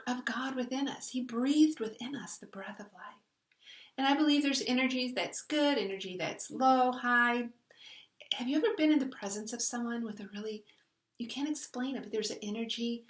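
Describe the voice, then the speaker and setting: A woman's voice: fairly high pitch, recorded from a distance. Conversational woman in an echoey room. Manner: earnest, conversational, retells a story with voiced quotes. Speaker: host. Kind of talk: reflective spiritual talk. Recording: echoey room, voice a bit off-mic.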